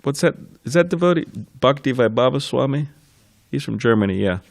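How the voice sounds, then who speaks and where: A man giving a temple scripture class, telling stories in an informal way and laughing softly between thoughts. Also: mid-range voice, lively intonation, a little fast, creaky, no room sound, studio quality. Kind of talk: reminiscing temple class talk.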